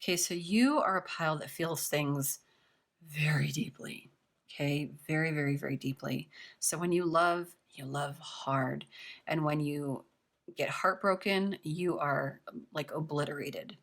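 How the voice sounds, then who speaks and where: A woman's voice: low-pitched, measured pace. A young woman giving a casual tarot reading, chatty and reassuring, with lots of filler words. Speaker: tarot reader.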